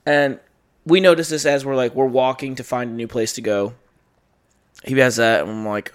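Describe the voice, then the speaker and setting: A man's voice: medium pitch, steady tone, brisk, smooth. A young man hosting a podcast, telling a long drunken story in a rambling, profane way, full of fillers and acted-out quotes. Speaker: podcast host. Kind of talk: casual storytelling chat.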